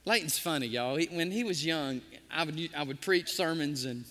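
A man's voice: on the high side, moderate pace, long reverb tail. A man preaching a sermon as a pastor, telling stories and acting out the voices of the people in them. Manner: animated, acts out the voices in his stories. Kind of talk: storytelling sermon.

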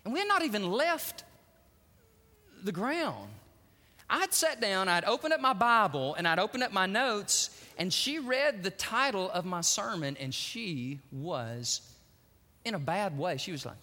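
A middle-aged man preaching a sermon, animated, acting out the voices he quotes and laughing often. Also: high-pitched, unhurried, big-room sound. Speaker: pastor.

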